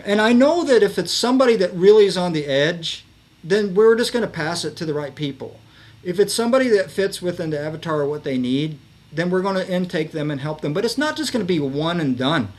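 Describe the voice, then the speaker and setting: Guy in his 50s rambling thru a story, lots of you know like, voice a bit on the high side. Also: lively intonation, fairly quick. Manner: rambling, many fillers and restarts. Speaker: podcast guest, veterans advocate. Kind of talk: casual conversational storytelling.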